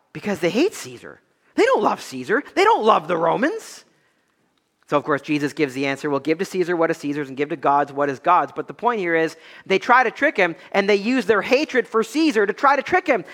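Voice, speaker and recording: Young male pastor, high bright voice, emphatic swings from loud to hushed. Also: big pitch swings, normal speed, in a large hall. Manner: emphatic preaching, swinging between loud high peaks and low quiet stretches. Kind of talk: expository sermon.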